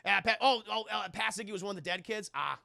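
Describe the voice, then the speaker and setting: A man's voice: high voice, a little fast, creaky, sharp tone, no echo, studio quality. A man streaming a casual film recap, rambling and profane, often talking straight to his chat.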